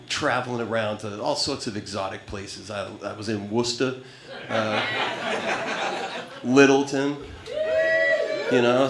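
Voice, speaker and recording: On a small comedy club stage, a man in his thirties performs stand-up, profane and wry, rambling and breaking off mid-sentence. His voice is medium-pitched, and the live room is reverberant, with background noise and audience laughter.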